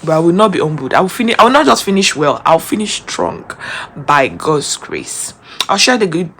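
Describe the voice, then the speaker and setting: A woman's voice: deep voice, very animated, normal speed, a bit bright, a little hiss or hum. A young woman, talking to her viewers in a chatty, casual vlog. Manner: chatty, addresses viewers directly. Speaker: vlogger. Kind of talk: casual vlog talk to camera.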